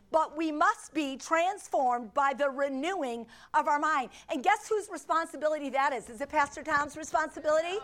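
High-voiced woman preaching a sermon. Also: a bit bright. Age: middle-aged. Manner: emphatic and repetitive, with asides to the congregation. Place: church before a congregation.

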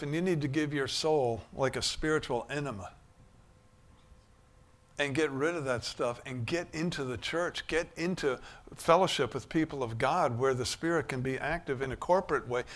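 A man preaching a sermon, shifting from quiet musing to loud, emphatic bursts. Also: a little high.

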